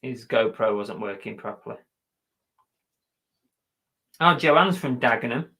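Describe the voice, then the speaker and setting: Bright-voiced joking London man. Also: medium pitch, expressive, a little slow, gravelly. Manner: joking, teasing, chatty. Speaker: reseller vlog host. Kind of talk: casual live-stream chat.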